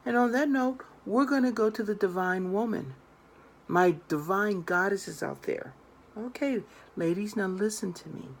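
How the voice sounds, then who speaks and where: Gravelly, earnest woman tarot reader. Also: medium pitch. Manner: earnest, emphatic, addresses viewers directly. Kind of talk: direct-to-camera advice monologue.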